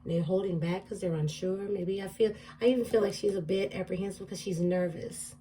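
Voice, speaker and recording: Soft-toned woman doing a tarot reading. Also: mid-range voice, steady tone, brisk, far from the mic, slight background noise. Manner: musing, repeats card affirmations aloud. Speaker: tarot reader. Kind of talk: casual tarot reading to camera.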